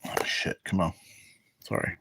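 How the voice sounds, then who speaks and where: At a measured pace and with a fairly bright tone, a middle-aged man hosts a casual livestream, recorded dry through a phone or webcam. He is sick and receiving cancer treatment, and he trades blunt, profane stories with reading chat messages aloud.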